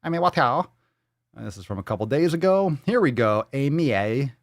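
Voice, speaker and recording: A man hosting a live podcast, ranting in a profane, sarcastic, mocking way, jumping from loud outbursts to muttered asides. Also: mid-range voice, very animated, brisk, no room sound, clean studio sound. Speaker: podcast host. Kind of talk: live-stream podcast rant.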